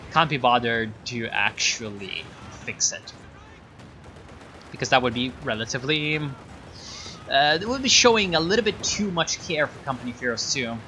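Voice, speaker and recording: A man's voice: medium pitch, lively intonation, moderate pace, bright, forceful tone, a little hiss or hum. A man casting a strategy game replay in a sarcastic, rambling way, full of fillers and asides. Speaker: game caster. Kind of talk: casual game commentary.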